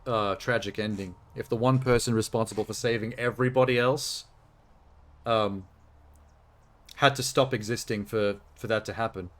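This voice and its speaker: Chatty Australian streamer, swearing. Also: male voice, on the low side, steady tone, moderate pace, a bit bright. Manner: chatty, laughing, swears freely. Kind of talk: casual gameplay commentary.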